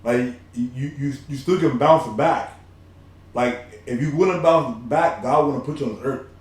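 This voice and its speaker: A man's voice: medium pitch, measured pace, darkish tone. A man from Nigeria co-hosting a podcast, giving motivational talk in an earnest, repetitive way with many restarts. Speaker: podcast co-host. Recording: roomy echo.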